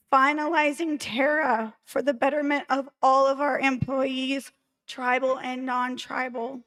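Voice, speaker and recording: A woman speaks in a hoarse, high voice, working through a prepared campaign speech. Her delivery is slow and deliberate, measured and formal. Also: a bit bright, low-quality recording. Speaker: candidate for vice chair.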